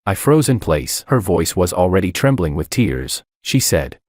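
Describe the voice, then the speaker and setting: Deep-voiced male story narrator. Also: sing-song, normal speed, a little mellow, no echo, clean studio sound. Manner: dramatic first-person storytelling. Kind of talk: scripted narration.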